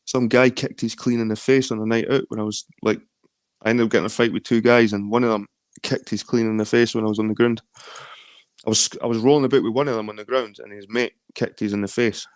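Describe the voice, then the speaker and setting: A man's voice: on the low side, flat delivery, fast talker, no echo, clean studio sound. A man with a Scottish accent in a rambling, casual late-night chat, swearing freely. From London. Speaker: chat guest.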